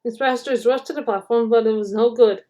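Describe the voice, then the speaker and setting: A woman reading a children's storybook aloud, narrating in an animated, dramatic way. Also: fairly high pitch, fast talker, highs cut off. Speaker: storybook reader.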